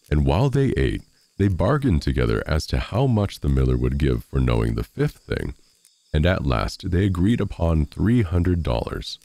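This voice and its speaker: Very deep, gravelly male storyteller. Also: no room sound. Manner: expressive, animated storytelling. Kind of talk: fairy tale reading.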